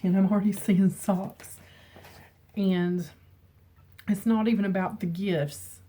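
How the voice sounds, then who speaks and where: A middle-aged woman chatting casually on camera from her home, emotional and quick to laugh. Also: mid-range voice, steady tone, warm tone. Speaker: beauty vlogger. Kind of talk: casual chat. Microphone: camera mic with ring light.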